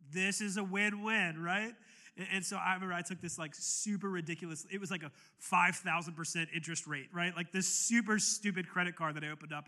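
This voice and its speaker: A man's voice: fairly high pitch, pushed and bright. A male pastor telling a personal story in a conversational sermon, with many restarts, then building into passionate, raised preaching. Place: church sanctuary.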